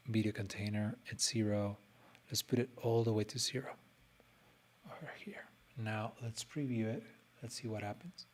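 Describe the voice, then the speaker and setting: A man streaming his design work, chatting casually and playfully as he thinks aloud and talks to his screen. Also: lowish voice. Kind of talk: casual live design commentary.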